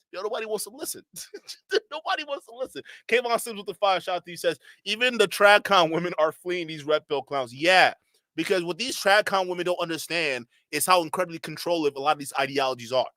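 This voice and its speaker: A man's voice: high voice, lively intonation, a little fast, bright, forceful tone, dry recording, clean studio sound. A man giving a blunt, profane reaction commentary, with mocking asides and bursts of laughter. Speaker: streamer commentator.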